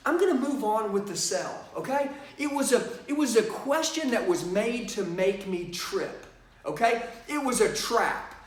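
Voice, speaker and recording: High-voiced man coaching salespeople with hype. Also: animated, a little slow, echoey room, distant mic. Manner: pumped-up, emphatic coaching with repeated rhetorical questions. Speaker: sales trainer. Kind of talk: energetic sales training talk to camera.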